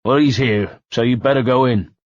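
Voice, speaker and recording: A man's voice: medium pitch, moderate pace, a little mellow, no echo, natural voice. A leering, mocking guard with a broad West Country accent, as a man puts him on for an audiobook. He drawls his lines with a grin in the voice. The sound is muffled and close, with no room around it. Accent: West Country English.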